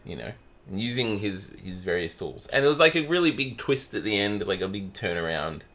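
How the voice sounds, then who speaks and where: This man's lowish, fairly bright voice is very animated and fairly quick. He's a chatty podcast co-host swapping anecdotes in casual talk and laughing often.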